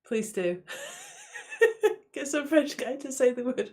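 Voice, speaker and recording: A woman's voice: sits high, wildly swooping pitch, slow, a little mellow. A woman co-hosting a casual podcast chat, teasing and laughing often. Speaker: podcast co-host.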